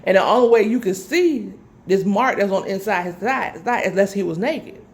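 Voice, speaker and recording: A woman's voice: mid-range voice, normal speed. A woman telling a personal story in a casual, chatty way, addressing her listeners directly with dramatic asides. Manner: chatty, addresses listeners as y'all, animated retelling.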